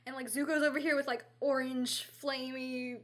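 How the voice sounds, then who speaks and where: A woman's voice: sits high, level tone, moderate pace, a bit bright. A woman co-hosting a podcast, chatting casually with friends in a bubbly, gushing way and laughing often. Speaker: podcast co-host. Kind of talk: casual chat among friends.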